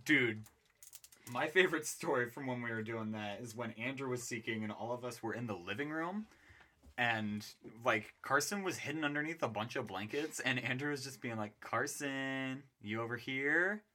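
Bright-voiced young man joking around. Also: medium pitch, moderate pace. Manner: joking, deadpan asides, laughs often. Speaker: podcast co-host. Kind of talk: casual chat.

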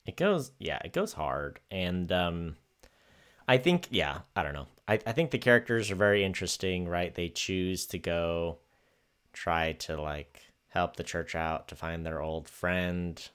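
A man's voice: low voice, expressive, unhurried, a bit bright, smooth. A man co-hosting a podcast in casual chat, talking in a rambling, laid-back way with plenty of fillers. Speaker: podcast co-host.

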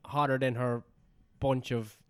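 A man and stand-up comic in casual chat, making blunt, crude, deadpan remarks. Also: mid-range voice, a little slow, clean tone, no echo.

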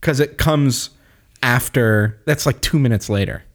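A man co-hosting a casual movie recap podcast, excitable and laughing often as he talks in quick bursts. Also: medium pitch. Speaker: podcast co-host.

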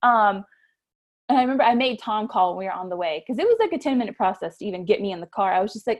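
A woman in her thirties joins as a guest mother to chat casually about her birth stories in a storytelling interview. Her medium-pitched voice is fast with lively intonation, and she laughs often while acting out what people said.

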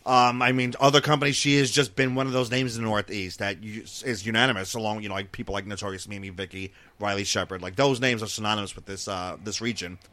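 A man's voice: on the low side, fairly even intonation, quick pace, hardly any pauses, pushed and bright, no echo. A man chatting casually on a wrestling podcast, rambling with lots of fillers and restarts. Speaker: wrestling promotion governor.

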